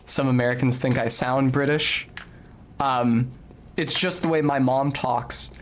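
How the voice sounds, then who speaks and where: At a measured pace, a medium-pitched man with fairly even intonation comments casually on a video game he's streaming. He articulates precisely, bursts into swearing at the game now and then, and brings up sounding like a snob.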